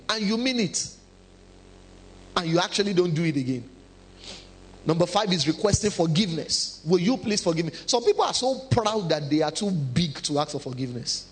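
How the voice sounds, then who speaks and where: A man preaching a sermon, animated and humorous, acting out quotes. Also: on the high side, a little fast. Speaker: pastor.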